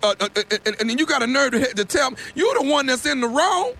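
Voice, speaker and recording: A man making a radio prank call, fast and confrontational, with stammering restarts. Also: very high-pitched, lively intonation, creaky, bright, forceful tone.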